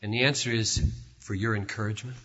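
A man preaching a sermon, swinging from hushed tones to shouts with an emphatic, repetitive cadence. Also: fairly low pitch, steady tone, fast, husky. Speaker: pastor. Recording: reverberant hall, dull lo-fi sound.

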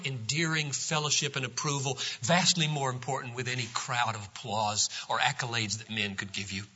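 A male pastor giving a sermon, swinging from quiet, low passages to loud, emphatic preaching. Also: fairly even intonation, moderate pace, hardly any pauses, slightly rough, muffled recording.

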